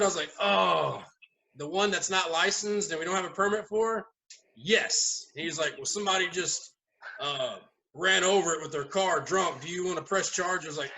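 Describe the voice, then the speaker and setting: A man chatting casually at a round table, telling lively stories and laughing often as he goes. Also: high-pitched, normal speed, a little hiss or hum, low-quality recording. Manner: animated storyteller, laughs often. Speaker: haunt owner, podcast regular. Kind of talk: casual storytelling chat.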